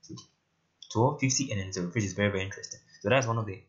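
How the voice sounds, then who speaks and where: A man's voice: on the low side, very fast. A man talking through a screen-recorded coding tutorial in a casual way, often asking "right?" while he works. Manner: casual, repeats "right?" and "very interesting". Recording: lo-fi muffled mic. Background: keyboard typing and clicks.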